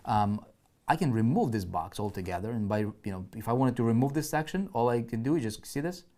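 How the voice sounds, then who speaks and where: A man's voice: mid-range voice, animated, a little fast, warm tone. A man teaching an online marketing lesson as a screen-share walkthrough, thinking aloud, often checking in with listeners and restarting his words. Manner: frequent restarts and repeated words.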